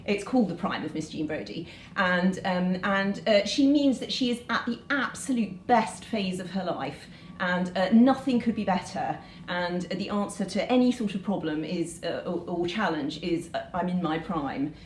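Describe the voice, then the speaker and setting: A woman's voice: on the low side, moderate pace, few pauses, reverberant, slight background noise, low-quality recording. A woman teacher reading a novel passage aloud to students, then chatting about it with many hesitations. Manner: hesitant, many ums between points.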